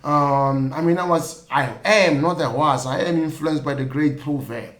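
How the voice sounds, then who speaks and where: A young South African man with a somewhat high voice holds forth in a relaxed, rambling podcast monologue, peppering every thought with "you know what I mean." The sound is roomy and echoey. He jokes freely and keeps it conversational. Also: unhurried. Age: young adult. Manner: loose and chatty, many fillers like "you know what I mean", jokey asides. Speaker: podcast host. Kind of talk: casual solo commentary.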